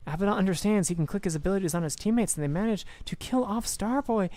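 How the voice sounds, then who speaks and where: Excitable young man casting a game. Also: high-pitched, fast, no echo. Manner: swearing, excitable, self-mocking. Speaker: game caster. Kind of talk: casual esports commentary. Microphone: close-up microphone.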